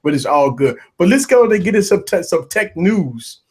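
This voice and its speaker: A man hosting a live tech talk stream, giving loud shout-outs to viewers and panelists in casual, hyped chat. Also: sits high, normal speed, slightly rough. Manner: hype, repetitive shout-outs, animated. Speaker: livestream tech show host.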